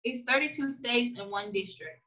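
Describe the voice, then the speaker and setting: With the highs cut off, the audio captures a woman speaking at normal speed in a slightly high voice. She's a guest in a conversational interview, an immigrant business owner who tells emphatic, animated stories and acts out the dialogue she quotes.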